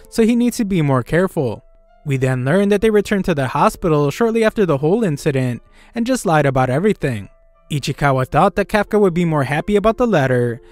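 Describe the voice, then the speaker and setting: A man's voice: fairly high pitch, dry recording. Man narrating an anime recap, dry close sound. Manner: steady, matter-of-fact storytelling. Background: faint background music.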